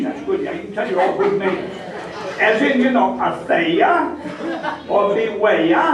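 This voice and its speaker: A man with a thick Maine accent, a humorist teaching a live audience how to talk like a local, joking and drawing the crowd into call-and-response. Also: very high voice. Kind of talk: stand-up comedy lesson to an audience. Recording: echoey hall, mic far off, crowd audible.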